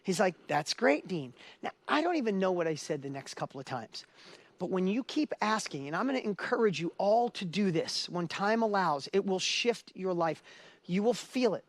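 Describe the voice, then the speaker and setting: Middle-aged guy, high voice, motivational stage talk, emotional storytelling. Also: lively intonation, moderate pace, no echo. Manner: storytelling, emotional, builds to urgent exhortation. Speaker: event speaker.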